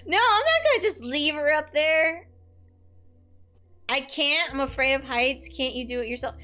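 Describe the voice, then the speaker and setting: A woman streaming a video game live, excitable, quick to laugh and casual in her speech. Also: high voice, soft background music. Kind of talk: live game commentary and reading dialogue aloud.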